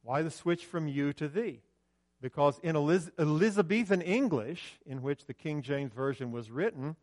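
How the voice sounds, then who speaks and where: A man preaching a sermon in a church, conversational, alternating loud emphasis with quiet asides and giving cues to the slide operator. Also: fairly high pitch, animated, moderate pace. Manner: directs the slide operator mid-talk. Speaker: pastor. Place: church sanctuary with a screen.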